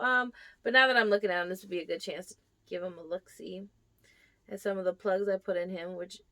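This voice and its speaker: A woman's voice: medium pitch, gravelly, a bit bright. A young woman giving a casual tour of her houseplants, chatting fondly to them and sometimes dropping to a near whisper. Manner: drops to a near whisper at times. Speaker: plant vlogger. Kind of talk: casual plant tour vlog.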